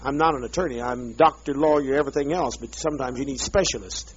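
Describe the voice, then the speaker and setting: A man's voice: medium pitch, fast, husky. Bitter profane man ranting on old tape. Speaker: leader addressing a group. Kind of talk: angry profane rant. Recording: dull lo-fi archive tape.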